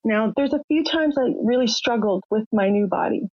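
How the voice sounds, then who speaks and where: An older Canadian woman with a fairly high voice and moderate pace recounts her life as a podcast guest. She's emotional and open, acting out other people's voices. The recording is dry, muffled and lo-fi.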